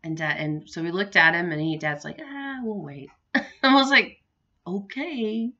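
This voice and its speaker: A middle-aged woman talking casually to the camera from her home, rambling from one thought to the next and laughing often. Her voice is bright and forward. The recording is somewhat dull and lo-fi. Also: low voice, lively intonation, moderate pace. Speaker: vlogger. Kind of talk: casual home vlog chat.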